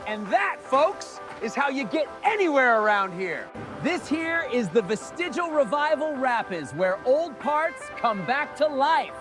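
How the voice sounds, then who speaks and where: Squeaky hyped water park tour guide, wild sing-song voice. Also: male voice, sing-song, unhurried, heavily acted. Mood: wry. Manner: showman patter, punchy announcer delivery. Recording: music bed behind voice.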